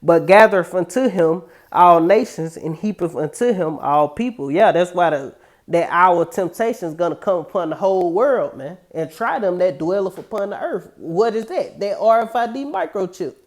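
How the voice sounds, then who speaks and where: A man teaching from scripture in a casual, street-level way. He drags out the verses slowly, then slips into quick, profane asides full of slang. He keeps tagging his lines with a loose "man.". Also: high-pitched, expressive. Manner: addresses listeners with a repeated "man". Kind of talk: casual scripture reading and commentary.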